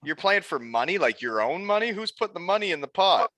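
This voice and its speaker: A man hosting a podcast, reacting quickly in casual chat and laughing along. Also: high voice, very animated, bright, forceful tone. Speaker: podcast host.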